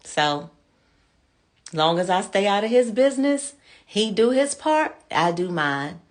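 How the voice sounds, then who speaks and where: A woman's voice: mid-range voice, sing-song, unhurried. A woman in her fifties hosting her show, talking candidly and casually to her viewers as friends, calling them y'all. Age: 50s. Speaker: show host.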